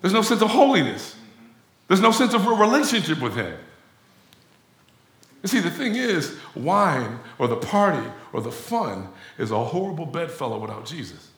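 Male pastor, lively chatty sermon delivery, roomy echoing hall, speaks to the congregation directly. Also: fairly high pitch. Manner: animated conversational preaching, addresses crowd as y'all.

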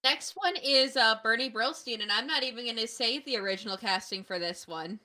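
Bright-voiced woman podcast co-host. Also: fairly high pitch, brisk. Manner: playful, deadpan joking. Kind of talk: casual podcast chat.

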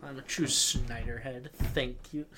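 A man's voice: mid-range voice, steady tone, unhurried, over a noisy crowd. A man co-hosting a casual podcast about movies and games, laughing often and trailing off into mumbles. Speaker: podcast co-host.

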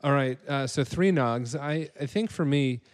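Guy hosting a chill podcast, rambly, lots of ums, average pitch. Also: normal speed. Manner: rambling, filler-heavy. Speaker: podcast host. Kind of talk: casual chat.

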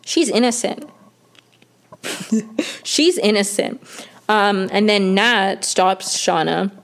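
A young woman casually recapping a TV episode, chatty and full of fillers and restarts. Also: medium pitch. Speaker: show recap host.

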